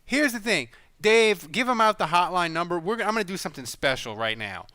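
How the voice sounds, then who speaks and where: A man's voice: high voice, sing-song, brisk, bright, forceful tone, no echo. A man hosting a sports podcast, chatting casually and laughing often. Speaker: podcast host. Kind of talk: casual chat.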